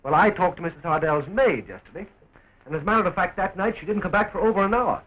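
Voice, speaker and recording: Wisecracking young man, high lively voice, fast talker, old muffled film sound. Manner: fast-talking, joking. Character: wisecracking young man fighting for his sweetheart. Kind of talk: early talkie film acting. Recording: dull scratchy 1920s film sound.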